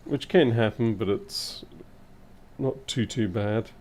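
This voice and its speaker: A man thinking aloud in casual live-stream commentary as he repairs electronics, his voice a little hoarse and wavering. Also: lowish voice, slow, darkish tone. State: slightly hoarse. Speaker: repair technician livestreaming.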